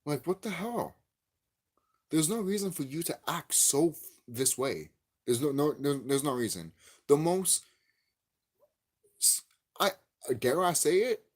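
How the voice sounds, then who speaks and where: A YouTube game commentator delivers a profane, angry vlog rant about a game, cursing and repeating himself. His delivery is a little slow with long pauses, and his pitch swings lively, turning loud and high when he gets worked up.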